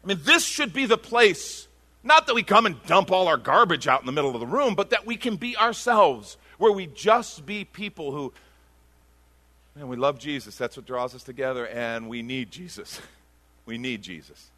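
A man preaching a sermon as pastor, conversational and passionate, with sudden loud bursts. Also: fairly high pitch, animated, moderate pace.

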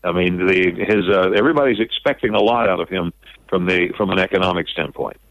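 A man giving opinionated political commentary as a radio guest, measured and repeating words as he builds his points. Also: deep voice, fairly bright tone, dry recording. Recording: dull lo-fi radio audio.

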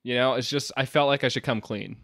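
Deadpan young man faking an English accent. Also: medium pitch, fairly quick, dry recording, studio quality. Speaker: podcast co-host. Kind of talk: casual comedic chat.

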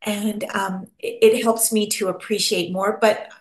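A woman's voice: mid-range voice, unhurried. Chatty American woman, roomy sound. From Pennsylvania, USA. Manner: expressive, chatty, acts out little quoted voices. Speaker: podcast guest. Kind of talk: casual interview chat. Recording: roomy echo.

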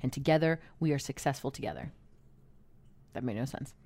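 A woman's voice: very deep voice, brisk, warm tone. A young woman co-hosting a podcast in casual chat, candid and blunt, full of likes and playful jabs. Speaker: podcast co-host.

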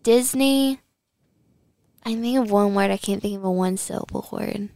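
A woman's voice: mid-range voice, normal speed, creaky, mellow, no echo. A woman co-hosting a casual studio chat, bubbly, giggly and easily flustered. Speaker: co-host.

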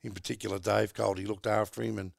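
Gravelly middle-aged Australian bloke. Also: male voice, fairly low pitch, flat delivery, quick pace, no echo, clean studio sound. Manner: laid-back, rambling, says mate a lot. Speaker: podcast host. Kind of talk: casual chat.

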